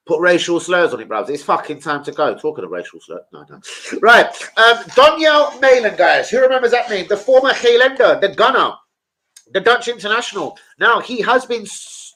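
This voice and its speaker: A middle-aged man, hosting a casual football fan livestream and bantering with viewers in a sweary, animated way. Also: sits high, poor audio. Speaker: football fan channel host.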